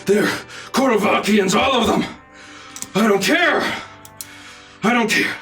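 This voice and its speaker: A man voicing an enraged male orc warrior who shouts with rising fury in a tabletop game. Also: high-pitched, a little slow, faint music behind, pitched above the performer's own voice. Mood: furious.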